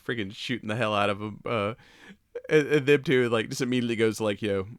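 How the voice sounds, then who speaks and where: A man's voice: mid-range voice, fast talker, no echo, studio quality. A man co-hosting a podcast, recapping a movie in casual chat, loose and swearing, with lots of fillers. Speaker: podcast co-host.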